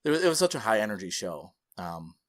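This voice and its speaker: A man's voice: lowish voice, very animated, quick pace, fairly bright tone. A man co-hosting a podcast who tells a story with animation and acts out the people he quotes. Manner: laughs between phrases while telling a story. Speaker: podcast co-host.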